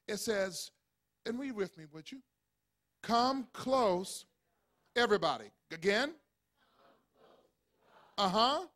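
A pastor preaching a sermon, calling on the congregation to respond and building up to shouted points. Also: male voice, very high-pitched.

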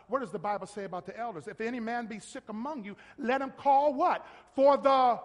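A man's voice: extremely high pitch, expressive, normal speed. A man preaching a sermon as pastor, calling on congregation members and prompting them to finish verses. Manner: call-and-response, prompting listeners to finish verses; talks directly to a congregation member. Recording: long reverb of a large hall.

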